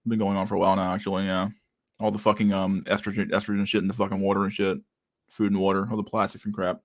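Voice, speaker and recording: A young streamer with a low voice reads chat during a casual livestream, laid-back and crude, laughing often and mumbling to himself. He talks fast with a flat delivery.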